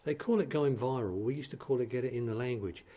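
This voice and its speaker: An older man from East London recounts his advertising work in an interview. He talks in a blunt, punchy, anecdotal way at a middle pitch. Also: fast talker, warm tone. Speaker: advertising executive guest. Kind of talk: interview storytelling.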